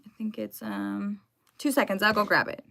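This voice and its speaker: A woman's voice: medium pitch, little pitch movement, normal speed, gravelly, bright, forceful tone. A young woman live streaming from home, chatting casually and greeting her viewers by name.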